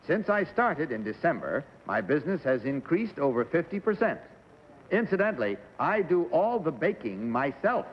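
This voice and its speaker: Genial man hosting a 1960s game show. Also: a little high. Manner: genial and brisk, announcing prizes and sponsors. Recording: dull 1960s TV broadcast, hall reverb, faint hiss.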